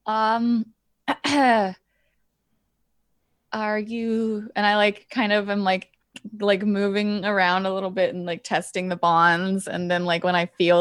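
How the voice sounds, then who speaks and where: A woman's voice: medium pitch, clear, resonant tone, no room sound, clean studio sound. A woman player in a tabletop game, talking in a hesitant, giggly way with many fillers. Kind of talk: tabletop role-play.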